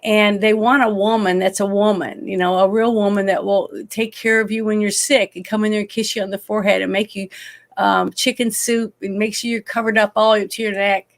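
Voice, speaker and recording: Chatty woman with a gravelly edge, gets emotional, rambles on about a film. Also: mid-range voice, flat delivery, brisk. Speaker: guest. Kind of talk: casual movie chat.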